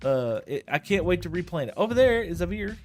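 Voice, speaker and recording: A man's voice: high voice, very animated, a little fast. Guy rambling on his game stream, keeps restarting his sentences, bit of music in the background. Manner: rambling, chatty, self-correcting with frequent chuckles. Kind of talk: casual gameplay stream chat.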